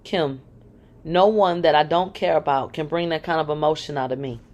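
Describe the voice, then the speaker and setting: A man's voice: a little high, steady tone, normal speed, a little mellow, muffled recording, natural voice. A woman reading as a controlling ex-lover. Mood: coaxing. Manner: brash and dismissive, then coaxing. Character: controlling, manipulative adult male ex-lover.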